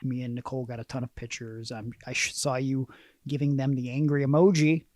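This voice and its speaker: A man's voice: mid-range voice, little pitch movement, a little fast, darkish tone, no room sound. Rambling self-mocking man, dry close mic. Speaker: podcast co-host. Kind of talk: casual chat.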